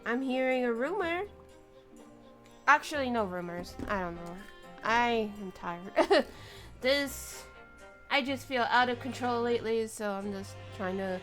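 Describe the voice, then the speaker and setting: Tired young woman streamer, high voice. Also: lively intonation, unhurried. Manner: tired, rambling, joking, swears. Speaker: streamer playing and voicing a game. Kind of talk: casual game commentary with voiced dialogue. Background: soft lofi music.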